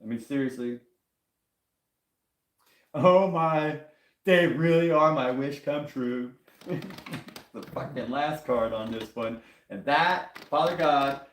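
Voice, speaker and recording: A man giving a casual live tarot reading, profane, rambling and excitable, talking from a table. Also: mid-range voice, slow pace, long pauses. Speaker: tarot reader on a live stream. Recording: echoey room.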